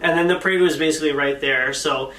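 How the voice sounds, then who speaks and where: A man's voice: a little high, quick pace, recorded from a distance. A man in a casual vlog, telling a story and acting out quotes with animation. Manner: animated retelling with acted quotes. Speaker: vlogger telling the proposal story. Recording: echoey room, camera mic from afar.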